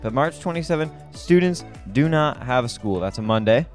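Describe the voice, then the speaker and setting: A man's voice: mid-range voice, expressive, moderate pace, soft background music. Teen male co-host, casual podcast banter, upbeat, laughs a lot, from Michigan. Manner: chatty, laughs often, upbeat.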